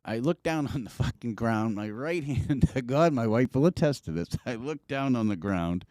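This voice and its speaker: An animated man tells a story as a podcast co-host in casual chat, swearing and acting out quotes. His voice is medium-pitched at a normal speed, captured in clean studio sound with no room echo.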